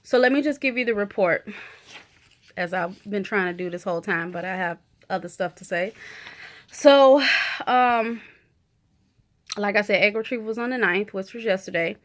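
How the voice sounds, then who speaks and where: With a medium-pitched voice at normal speed, broken by long pauses, a woman vlogger records a candid personal update. Her talk is casual and emotional, full of "you know" and "like," as she opens up about her feelings.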